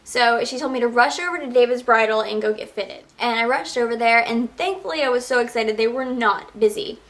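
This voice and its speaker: A woman's voice: on the high side, fairly quick, fairly bright tone. A young woman vlogging, casually retelling a frustrating shopping trip and acting out the quotes with exasperation. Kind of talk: casual storytelling to camera.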